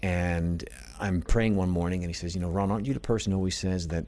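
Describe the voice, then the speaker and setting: A middle-aged man with a very low, deep voice talks quickly and earnestly. He tells his story with animation and acts out the lines of the people he quotes, like a seasoned motivational speaker. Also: fairly even intonation, darkish tone. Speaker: guest, motivational speaker and business coach. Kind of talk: conversational storytelling.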